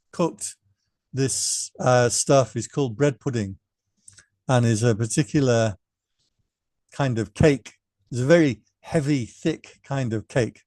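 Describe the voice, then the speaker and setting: A man teaching meditation in a relaxed, story-telling way and acting out the people in his story. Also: mid-range voice, dry recording, clean studio sound. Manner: relaxed anecdotal, acts out quotes. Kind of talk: storytelling dharma talk. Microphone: remote class microphone.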